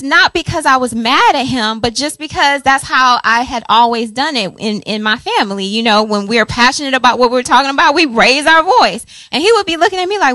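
A woman in her forties tells a personal story from the pulpit with chatty, animated energy. Her voice is bright and fairly high, recorded close and dry with no room sound. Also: fairly quick, few pauses, dry recording. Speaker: pastor's wife, co-speaker. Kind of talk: personal testimony in a sermon.

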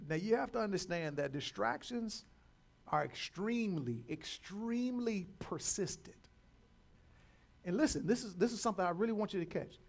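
A high-voiced man preaching a sermon. He swings between loud, emphatic declarations and quiet, drawn-out lines. He calls the congregation to repeat phrases after him and often restarts his words mid-sentence. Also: lively intonation, creaky. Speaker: pastor.

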